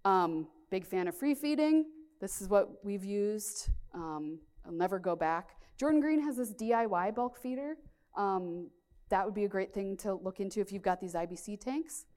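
A woman's voice: mid-range voice, animated, moderate pace, darkish tone. A woman farmer presenting a conference talk with slides, speaking candidly with many fillers.

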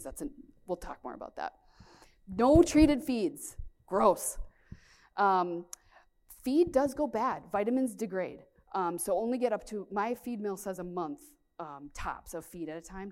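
A woman's voice: lowish voice, darkish tone. A woman farmer presenting a conference talk with slides, speaking candidly with many fillers.

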